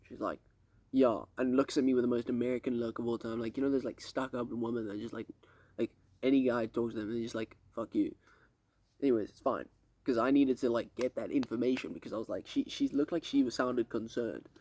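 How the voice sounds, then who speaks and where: A man's voice: mid-range voice, steady tone, quick pace, dark tone, no echo. Young guy, casual vlog update, rambling and slangy, dry close sound. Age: young adult. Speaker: vlogger. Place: outdoors on a lake dock at night. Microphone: camera set up a few steps away.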